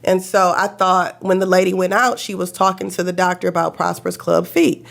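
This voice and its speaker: A woman recounts a personal story in relaxed chat. Her voice has a gravelly fry to it. She stays animated throughout. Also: moderate pace. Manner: animated, acts out quotes with big pitch jumps. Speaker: guest telling a personal story. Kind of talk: casual storytelling.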